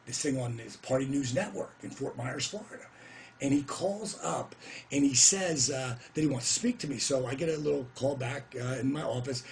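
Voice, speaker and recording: A middle-aged man telling a story to camera in a casual, animated way, whooping now and then and putting on voices for the people he quotes. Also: medium pitch, a little hiss or hum.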